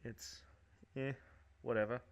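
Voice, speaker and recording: Casual and loose, this man with a Michigan accent talks at an ordinary middle pitch. He rambles through his points with fillers and laughs a lot as he co-hosts a podcast. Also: fairly even intonation, slow pace, clear, resonant tone. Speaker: podcast host. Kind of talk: casual chat.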